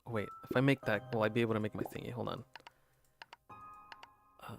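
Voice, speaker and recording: A man's voice: fairly low pitch, fairly even intonation, brisk, vocal fry, soft background music. A man rambling in casual chat as he plays a video game, often restarting sentences and laughing. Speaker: gaming streamer.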